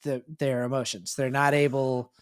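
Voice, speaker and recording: A man's voice: medium pitch, level tone, moderate pace, clear, resonant tone. A man and podcast co-host in casual chat, who lays out ideas thoughtfully and at length.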